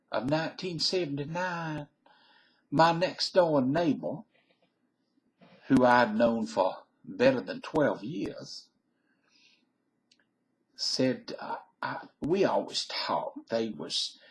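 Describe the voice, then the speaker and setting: Slow, drawling Southern man in his fifties. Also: mid-range voice, poor audio. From Southern United States. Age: 50s. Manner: meandering, folksy storyteller, drawn-out phrases. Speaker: video blogger. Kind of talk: casual rambling monologue.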